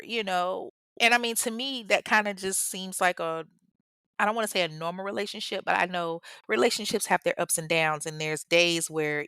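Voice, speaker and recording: A woman's voice: mid-range voice, sharp tone, clean tone, dry recording. A woman hosting a podcast, casually recounting a true-crime case, chatty and blunt, swearing freely and talking straight to her listeners. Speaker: podcast host.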